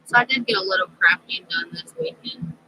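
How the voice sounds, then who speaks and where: A middle-aged woman chatting slowly as a craft vlogger, rambling with fillers. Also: mid-range voice, pushed and bright, a little hiss or hum, rough recording. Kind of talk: casual crafting chat.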